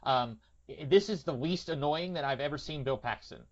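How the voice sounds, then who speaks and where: A man's voice: fairly high pitch, moderate pace. A man hosting a podcast, chatting casually and opinionatedly about movies with many hesitations. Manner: rambling, opinionated, frequent hesitations. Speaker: podcast host. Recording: lo-fi audio.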